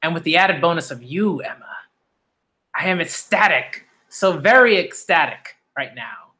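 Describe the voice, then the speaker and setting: A man's voice: fairly high pitch, expressive, moderate pace, pushed and bright. Man reading as a gleeful demon noble hunter. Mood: gleeful, smug. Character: gleeful cruel male demon aristocrat hunter.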